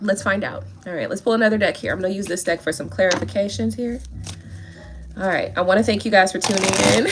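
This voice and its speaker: A woman's voice: mid-range voice, a bit bright, slight background noise. A woman giving a casual tarot reading, sassy and playful, full of slang and asides. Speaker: tarot reader.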